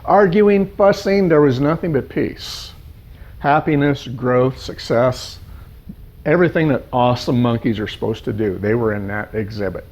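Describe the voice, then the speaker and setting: A male life coach telling a parable in an animated storytelling manner, piling up lists of words. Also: mid-range voice, normal speed. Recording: dull lo-fi sound.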